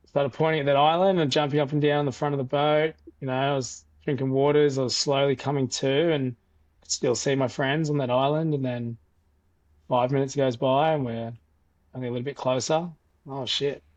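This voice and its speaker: Australian man, young adult, dry sound, mid pitch, casual storyteller. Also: dry recording. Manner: animated retelling, loose with fillers and restarts. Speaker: podcast guest.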